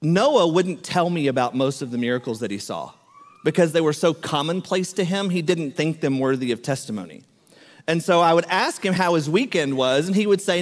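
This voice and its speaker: Male preacher, fairly high voice, animated storyteller, big echoey hall. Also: a little fast. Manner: animated storyteller, acts out quoted speech. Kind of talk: sermon storytelling.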